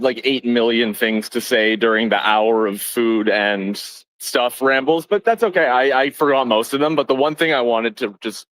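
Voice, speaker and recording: A male caller who talks in an excited, stammering rush. His voice sits at an ordinary pitch. The sound is dry. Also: no echo, low-quality recording. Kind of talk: casual call-in chat.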